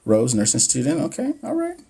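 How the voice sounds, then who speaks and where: A man's voice: medium pitch, wildly swooping pitch, brisk, gravelly, warm tone, breathy edge. Joking man in his thirties hosting a live stream. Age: 30s. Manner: joking, chatty, talks straight to viewers, stumbles on medical terms. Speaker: nursing exam coach streaming live. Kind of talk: casual live-stream chat reading exam questions.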